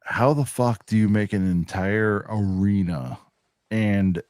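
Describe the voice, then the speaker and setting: A laid-back man rambles through a casual podcast chat and drops the odd swear word. He talks slowly, in a fairly low voice. The sound is close and dry. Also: a little mellow, no echo. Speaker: podcast co-host.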